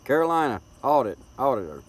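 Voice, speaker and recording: Very animated and a little fast, with a breathy edge to his medium-pitched voice, a middle-aged Southern-accented man from Tennessee hosts a live stream. He chats in a folksy, rambling manner and repeats words, recorded through a tablet's built-in mic.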